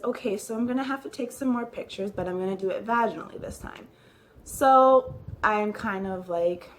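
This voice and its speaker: A woman's voice: mid-range voice, a little hiss or hum. A woman vlogging, telling a personal story to the camera in a casual, rambling way, full of "like" and restarted sentences. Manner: chatty, fills with "like", restarts sentences. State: recounting a nervous, upsetting visit.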